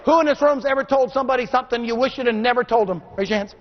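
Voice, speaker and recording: A middle-aged man giving a motivational speech to a room full of people, calling out for the crowd to answer back and swinging between shouting and hushed intensity. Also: extremely high pitch, rapid-fire, in a large hall. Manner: call-and-response, demands the crowd answer. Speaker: motivational speaker. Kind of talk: motivational speech to a live audience. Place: large room with an audience. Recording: dull lo-fi recording.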